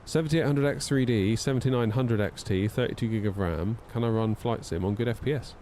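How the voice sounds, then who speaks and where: A man's voice: mid-range voice, a little fast, warm tone, slight background noise. A man chatting casually on a flight sim live stream, wry and a little tired, reading out chat messages as he goes. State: yawning, tired.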